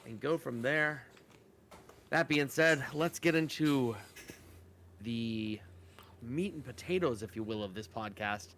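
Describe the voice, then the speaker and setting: A man's voice: medium pitch, takes it slowly, pauses often, fairly bright tone, slight background noise. A man co-hosting a podcast, upbeat as he runs through the show's rundown. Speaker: podcast co-host.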